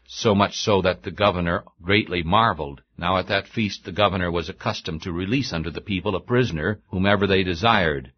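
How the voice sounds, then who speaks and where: Deep male reader, measured and solemn delivery of scripture, dull lo-fi recording.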